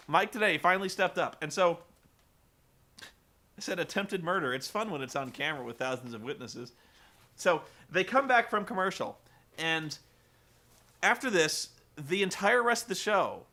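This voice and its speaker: A man with a high, bright voice recapping a show with sarcastic, profane asides. His delivery rambles and swings widely in pitch. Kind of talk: comedic wrestling recap.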